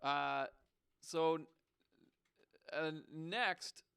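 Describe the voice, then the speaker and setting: A man's voice: on the high side, drawn-out words, gravelly, fairly bright tone, clean tone. A young man hosting a call-in show, teasing a caller in a casual, mock-suspicious way.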